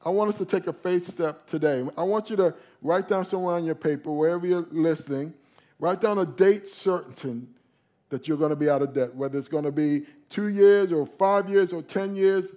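A male pastor preaching a sermon, emphatic, slowing down and leaning on key phrases. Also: fairly high pitch, warm tone.

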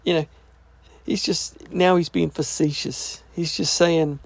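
A man's voice: fairly high pitch, fairly even intonation, unhurried, creaky, no echo. A man teaching through a scripture passage verse by verse, reading each part aloud and then restating it in plain, casual words. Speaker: Bible teacher.

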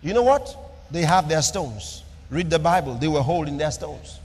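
A man preaching a sermon with an emphatic, repetitive cadence, swinging between loud declarations and soft asides. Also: on the high side, expressive, normal speed, breathy edge, long reverb tail. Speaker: pastor.

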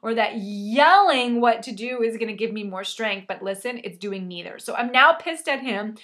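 Woman storyteller, slightly high voice, dramatic and self-deprecating, casual mild swearing. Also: animated, moderate pace, a bit bright. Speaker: storyteller sharing a personal anecdote. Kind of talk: animated personal storytelling.

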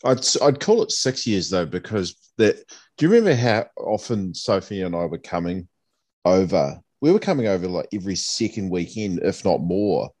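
Deep-voiced relaxed New man. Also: moderate pace. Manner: relaxed, rambling recollection. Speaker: podcast co-host. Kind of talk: casual chat.

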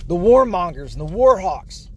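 A man's voice: sits high, very animated, moderate pace, breathy edge. A man from the United States ranting heatedly and sarcastically to the camera, swearing often. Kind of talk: profane political rant.

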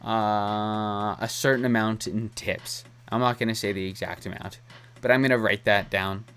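A man's voice: lowish voice, steady tone, normal speed, fairly bright tone, a little hiss or hum. A young man hosting a solo podcast, talking in a rambling, candid way and laughing often. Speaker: podcast host. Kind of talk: casual solo podcast chat.

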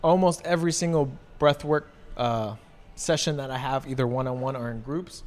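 A man's voice: medium pitch, normal speed. A man who leads breathwork sessions, explaining with confident affirmation in casual podcast talk. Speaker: breathwork coach. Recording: reverberant room with faint noise.

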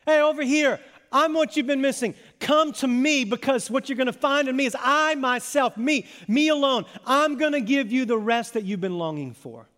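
A man's voice: high-pitched, very animated, moderate pace, hardly any pauses, a bit bright. A man voicing Jesus, calling out to a tired crowd with urgent, repeated invitations. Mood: emphatic. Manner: urgent, repeated beckoning calls. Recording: long reverb of a large hall.

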